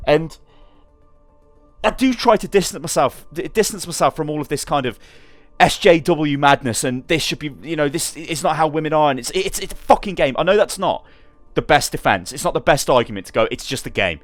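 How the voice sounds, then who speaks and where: A man's voice: on the high side, a little fast, no room sound, soft background music. A young man with a sarcastic, exasperated manner, ranting through gaming commentary and swearing freely.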